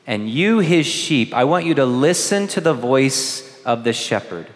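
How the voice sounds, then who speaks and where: A man preaching a gentle homily to first communicants, asking the children questions. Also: medium pitch, very animated, unhurried. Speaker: priest. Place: large church. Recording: long church reverb.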